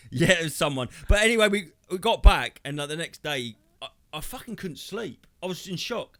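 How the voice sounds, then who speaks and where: A man, co-hosting a podcast, telling a crude story in a lively, swearing, animated way and acting out other people's lines. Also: fairly high pitch, brisk. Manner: animated, swearing, acts out quoted voices. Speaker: podcast co-host. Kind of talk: casual comedic storytelling.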